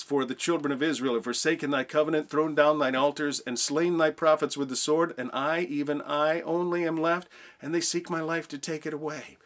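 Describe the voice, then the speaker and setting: A man's voice: mid-range voice, fairly bright tone. A man teaching informally on a Bible passage, reading scripture aloud and asking rhetorical questions.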